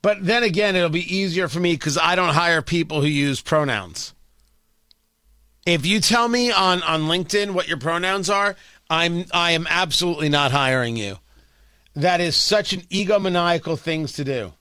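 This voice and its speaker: A man's voice: fairly high pitch, moderate pace, bright, forceful tone, smooth, no room sound, studio quality. A male talk radio host delivering a sarcastic, ranting opinion monologue.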